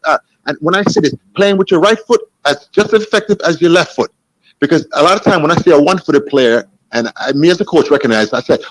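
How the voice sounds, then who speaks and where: A Jamaican football coach with a Jamaican accent explains tactics in casual chat, his voice sitting high on a low-quality recording. He's animated, restarts sentences and keeps asking "you understand?"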